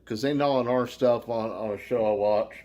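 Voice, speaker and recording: A man's voice: medium pitch, normal speed, a little mellow. Rambling, swearing American man. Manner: rambling, swears freely, many fillers. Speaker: beer review vlogger. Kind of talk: casual shout-outs to viewers.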